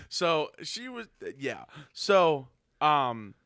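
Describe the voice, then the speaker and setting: A man's voice: fairly high pitch, very animated, very slow, a bit bright, clear, resonant tone, dry recording, studio quality. A young man co-hosting a podcast, chatting casually with teasing jabs and telling his own story. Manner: teasing interjections. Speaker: podcast co-host.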